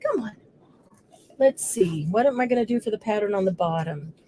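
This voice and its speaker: A woman's voice: mid-range voice, quick pace, warm tone, a little hiss or hum. A woman hosting a live crafting stream, chatting casually as she works. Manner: chatty, coos baby talk to her dog. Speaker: crafting show host.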